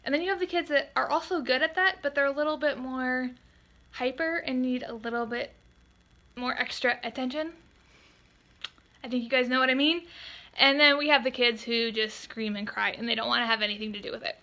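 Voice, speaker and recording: A woman photographer telling a storytime vlog, animated and exasperated, quoting customers in quick voices. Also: high voice.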